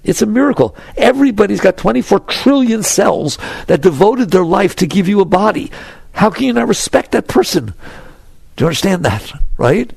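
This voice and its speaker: Animated man giving a spiritual talk. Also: sits high, creaky, breathy edge, dry recording. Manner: animated, laughing often, rhetorical questions. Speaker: spiritual teacher.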